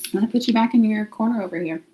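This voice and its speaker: Very fast and warm, this mid-range female voice belongs to a livestream host broadcasting from home near her laundry closet. She chats casually with viewers, thinking aloud and laughing often.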